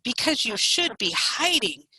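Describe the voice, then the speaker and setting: A woman's voice: on the high side, big pitch swings, a little slow, pushed and bright, slight background noise, heavily acted. A woman voicing a sly, scheming male fox in a storybook. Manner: smug, sly.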